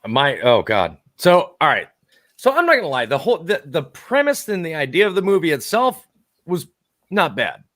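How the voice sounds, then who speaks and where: A man's voice: a little high, big pitch swings, moderate pace, fairly bright tone. Giggly man steering a podcast chat. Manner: laughs often, steers the discussion. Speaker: podcast co-host. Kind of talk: casual comedic chat.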